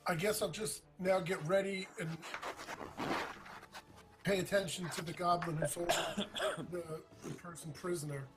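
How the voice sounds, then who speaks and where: A man's voice: sits high, fairly even intonation, unhurried, pauses often, over music, poor audio. A man playing in an online tabletop game, hesitant and asking questions, with frequent restarts. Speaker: player. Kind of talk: casual chat during an online tabletop game.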